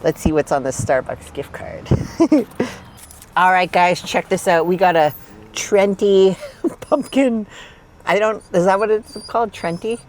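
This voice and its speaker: A young woman vlogger chatting casually, excitable, laughing often and gushing over her pets. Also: lowish voice, measured pace, a little hiss or hum. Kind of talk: casual vlog chat.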